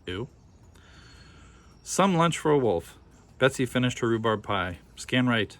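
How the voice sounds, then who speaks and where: A man reading a children's picture book aloud with expressive, animated storytelling. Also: medium pitch, a little slow, long pauses. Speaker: storybook reader.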